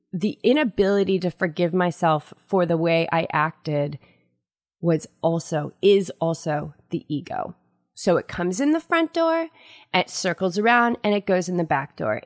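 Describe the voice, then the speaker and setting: A woman hosting a spiritual self-help podcast, telling a personal story in an earnest, animated way. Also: medium pitch, no echo, studio quality. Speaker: podcast host.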